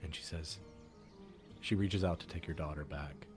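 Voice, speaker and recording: A man's voice: extremely low pitch, steady tone, moderate pace. A man narrating as game master in loose, rambling speech full of fillers. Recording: stream with background music.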